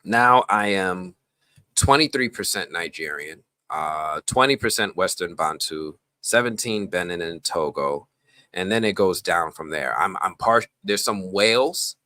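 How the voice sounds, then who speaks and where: With a deep, unhurried voice, a man from the Bronx in New York runs a live stream. His casual chat is animated and rambling, regularly veering off on tangents.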